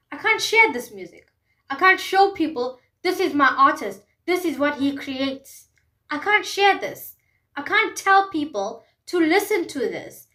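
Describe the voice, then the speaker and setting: A high-pitched woman talks at an unhurried pace in a heartfelt music review. She repeats key phrases and keeps asking the listener whether they see her point. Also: pushed and bright. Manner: emphatic, repeats phrases, asks rhetorical questions. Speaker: vlogger. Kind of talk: passionate music commentary monologue.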